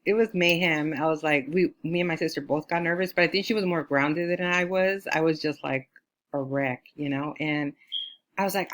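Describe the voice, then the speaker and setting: A woman's voice: normal speed, a bit bright. A woman from California, an astrologer, telling a personal story in a loose, chatty way, full of fillers and acted-out quotes. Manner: chatty, with many fillers like "you know"; acts out quoted lines in a higher voice.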